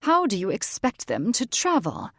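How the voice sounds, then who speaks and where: A woman doing a brisk, scolding old witch grandmother. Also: a little high, wildly swooping pitch, a bit bright, slightly rough, no room sound, clean studio sound, pitched above the performer's own voice, full character voice. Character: elderly, sharp-witted witch grandmother. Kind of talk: audiobook character voice.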